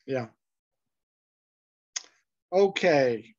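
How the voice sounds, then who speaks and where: A man's voice: mid-range voice, lively intonation, drawn-out words, a little mellow, highs cut off. A man teaching an online Bible class, speaking thoughtfully with frequent fillers and restarts.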